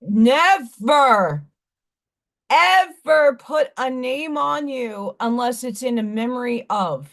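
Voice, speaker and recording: A woman's voice: high-pitched, expressive, slow pace, fairly bright tone. A woman hosting a live stream, telling stories in a rambling, candid, blunt way. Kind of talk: casual chat.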